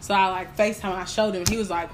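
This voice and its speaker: A woman's voice: medium pitch, rapid-fire, soft background music. A young woman talking as a guest, telling her story animatedly and acting out what people said. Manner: animated storytelling, acts out quotes. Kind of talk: casual chat.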